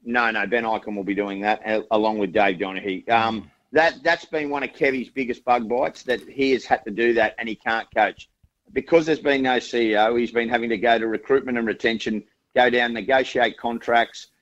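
A man's voice: mid-range voice, fairly even intonation, a little fast, a bit bright, lo-fi sound. An Australian man, a rugby league insider, talking assuredly on the radio. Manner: emphatic, assured. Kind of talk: casual radio chat.

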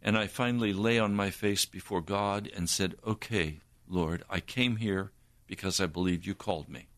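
An older man, a preacher, giving an earnest personal testimony in a slow storytelling manner. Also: sits low, fairly bright tone, no echo.

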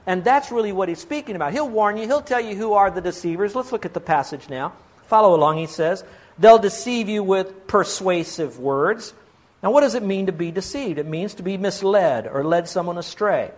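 Earnest high-voiced man preaching. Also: lively intonation, a little fast. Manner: earnest, pleading, full of rhetorical questions. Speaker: pastor. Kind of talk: sermon.

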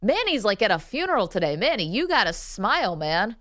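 A woman co-hosting a sports talk show, chatty and quick, breaking into laughs. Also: medium pitch, big pitch swings, a bit bright. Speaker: sports radio co-host.

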